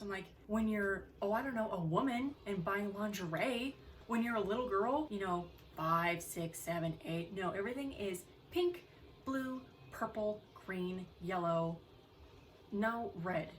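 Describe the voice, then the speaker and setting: A woman's voice: medium pitch, measured pace. A young woman hosting a casual beauty vlog, chatty and profane, wandering off on long tangents. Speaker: beauty vlogger host. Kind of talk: casual chat. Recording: mic a bit far off, faint noise.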